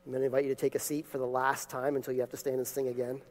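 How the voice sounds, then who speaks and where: A man's voice: medium pitch, flat delivery, very fast. A man preaching a sermon in a church, reading scripture, praying, and teaching with emphatic rises. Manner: emphatic, building to loud peaks. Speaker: pastor. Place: church sanctuary. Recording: long hall reverb.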